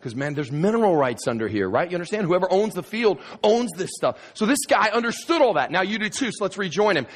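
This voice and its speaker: A man's voice: sits high, fast, hardly any pauses. A male pastor preaching a sermon, telling a story with humor, restarting phrases as he goes. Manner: animated storyteller, humorous, with frequent stammered restarts.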